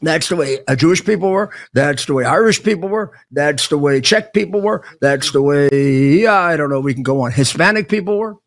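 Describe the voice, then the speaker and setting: An older man speaking in a casual monologue. He talks haltingly, with many restarts and stammered words. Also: a little high, expressive.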